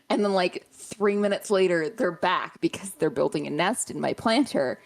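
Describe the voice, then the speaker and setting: A woman chatting casually before a tabletop game, telling an amused, animated story. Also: mid-range voice, normal speed, hardly any pauses.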